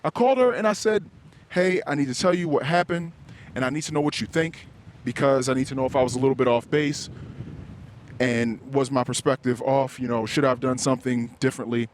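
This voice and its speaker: A man with a mid-range voice talks at a quick pace, with a bit of background noise, while hosting his podcast. The episode is a candid solo confession: rambling, self-critical, full of swearing and acted-out heated quotes.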